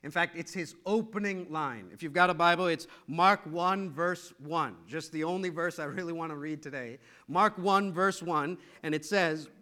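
A middle-aged male pastor preaching a sermon with animated, repetitive storytelling. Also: fairly high pitch, normal speed, hardly any pauses.

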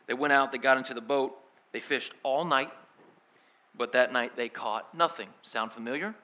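Bright-voiced male pastor preaching. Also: medium pitch, moderate pace. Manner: animated storytelling with casual slang. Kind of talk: sermon.

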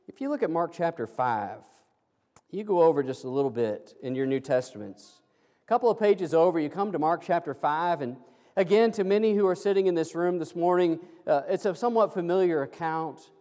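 A male pastor preaching a sermon, slowing into emphatic, pleading phrases. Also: a little high, dark tone, in a large hall. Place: church sanctuary.

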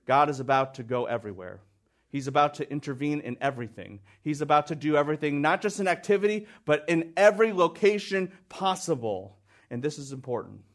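A man preaching a sermon, stressing key points by repeating phrases. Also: fairly high pitch.

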